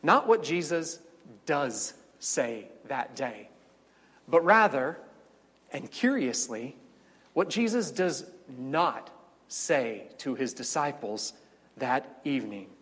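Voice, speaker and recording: A man's voice: medium pitch, big pitch swings, takes it slowly, fairly bright tone, husky, long reverb tail. A middle-aged male pastor preaching a sermon, storytelling with dramatic swells and wry asides.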